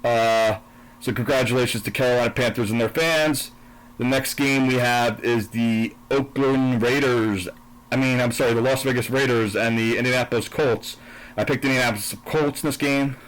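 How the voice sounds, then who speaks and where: A man at a middle pitch talks in a blunt, profane, combative way. He slides into heavy sarcasm and argues with his listeners as he goes through his football picks. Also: fairly even intonation, moderate pace, a bit bright, rough recording. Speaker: sports and politics commentator. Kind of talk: angry political rant and football picks recap.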